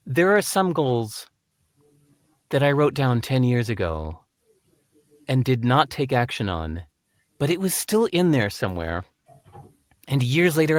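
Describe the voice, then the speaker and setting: A man being interviewed who tells stories in an animated way and acts out the voices. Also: mid-range voice, no echo. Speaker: guest. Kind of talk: conversational interview, storytelling.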